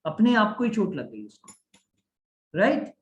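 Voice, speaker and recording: Animated male teacher. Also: sits high, racing. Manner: animated, asks the class many checking questions. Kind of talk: online grammar class. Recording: echoey room.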